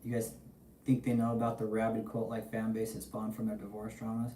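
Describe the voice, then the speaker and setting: A young man holds forth on his livestream, swearing freely and chatting to viewers. His voice is mellow and dark-toned. He sits a little back from the mic in an echoey room. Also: fairly low pitch, a little fast, recorded from a distance. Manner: profane, animated, chatty. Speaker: livestream host. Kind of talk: casual livestream commentary.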